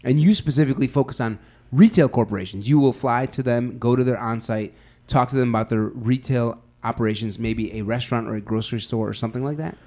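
A man's voice: medium pitch, mellow. Brief: male podcast host, casual, questioning, playful. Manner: curious, quick follow-up questions, joking. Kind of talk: casual interview chat.

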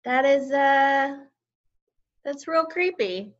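A woman's voice: sits high, slow, dull audio. A woman co-hosting a podcast in casual chat, wry and joking. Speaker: podcast co-host.

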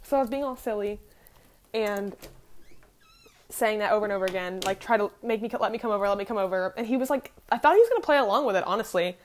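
Young adult woman, podcaster, mid-pitched, chatty confessional storyteller, profane and rambling. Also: expressive, fast. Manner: candid, profane, rambling with many fillers. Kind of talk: casual storytelling.

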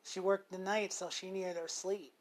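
A man's voice: high voice, little pitch movement, moderate pace. Rambling, profane man telling a story. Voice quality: rambling, with many self-corrections and fillers. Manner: swears freely. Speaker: show host. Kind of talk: unscripted casual monologue.

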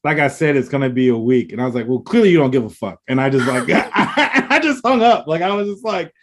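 A man's voice: medium pitch, lively intonation, quick pace. A man co-hosting a casual podcast, rambling through stories and mimicking the people he talked to on the phone. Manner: rambling, laughing storyteller mimicking phone calls. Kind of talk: casual chat.

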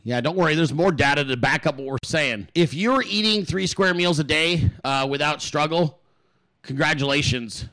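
A man hosting a political show, ranting in heated, profane commentary and repeating words for emphasis. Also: normal speed. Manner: swings in pitch and loudness.

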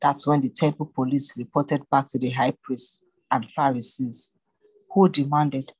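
A reader narrating scripture in a steady, even way. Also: medium pitch, a little slow, breathy edge, no room sound, low-quality recording.

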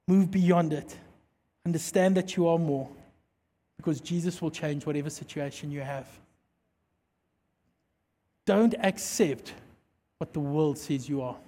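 A pastor preaching a sermon with emphatic delivery that drops to soft, intense tones when he prays. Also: a little high, measured pace, pauses often. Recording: hall reverb.

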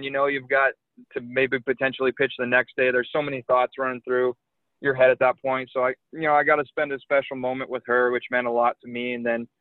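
A young man, a professional pitcher, telling a lively anecdote in casual chat, full of "like" and "you know". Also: no echo. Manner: animated anecdote telling with many likes and you knows. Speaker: guest, pro baseball pitcher. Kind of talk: casual storytelling. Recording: tinny phone line.

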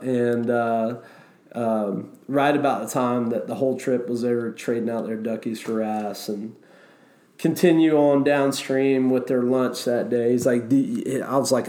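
A man's voice: medium pitch, a little slow. Man telling a wild river story. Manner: animated, swears, acts out quotes. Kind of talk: casual storytelling.

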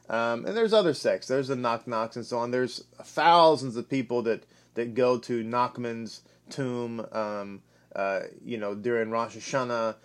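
A man giving an emphatic, animated Bible teaching, often repeating himself for stress. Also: medium pitch. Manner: emphatic, repetitive, animated delivery.

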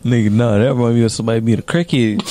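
A man co-hosting a casual reaction chat, throwing out loud exclamations and blunt joking retorts. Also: medium pitch, lively intonation, fast talker. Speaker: co-host.

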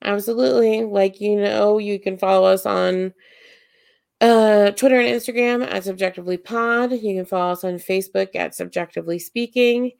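A woman's voice: mid-range voice, steady tone, normal speed, vocal fry, a little mellow, no room sound, clean studio sound. A woman co-hosting a podcast, chatting casually with lots of fillers and restarts as she wraps up the episode. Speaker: podcast co-host.

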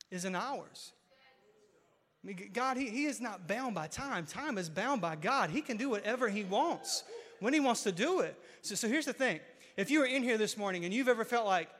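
Man preaching, high bright voice, emphatic building refrains, long hall reverb. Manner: building to loud emphatic peaks, repeating key lines. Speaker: pastor. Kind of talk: sermon.

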